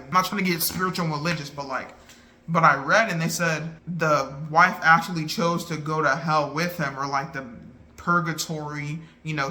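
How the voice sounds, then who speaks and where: Animated, slangy guy reviewing a movie. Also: fairly high pitch. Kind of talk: casual chat.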